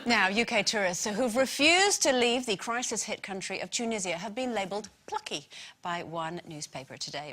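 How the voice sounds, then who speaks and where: A woman's voice: fairly high pitch, a bit bright. A woman from Britain presenting a daytime panel chat show, opening with a news item and then chatting with laughs.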